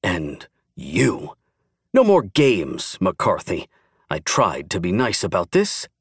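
A man voicing a forceful, flustered male official who booms out commands in an audiobook. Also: wildly swooping pitch, slow pace, husky, dry recording, clean studio sound, full character voice. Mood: threatening. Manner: booming, commanding orders.

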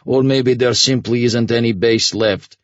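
A man voicing a blunt, hardened middle-aged military commander who speaks flatly and a notch louder than the narration. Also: medium pitch, measured pace, dry recording, dull audio, pitched above the performer's own voice, lightly acted. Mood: grim. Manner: flat, matter-of-fact, raised.

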